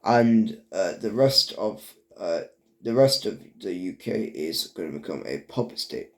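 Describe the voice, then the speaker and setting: A man narrating a strategy game, halting, with many fillers and restarts. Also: lowish voice, expressive. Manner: stumbles over words. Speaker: video narrator. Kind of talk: casual game commentary.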